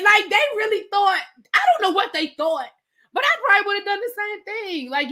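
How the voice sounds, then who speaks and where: Woman, high voice, very lively pitch, reality TV recap, slangy storytelling, acts out quotes. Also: a little fast, noisy background. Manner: animated storyteller acting out quotes, slangy asides. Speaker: reality TV reviewer. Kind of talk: casual recap commentary.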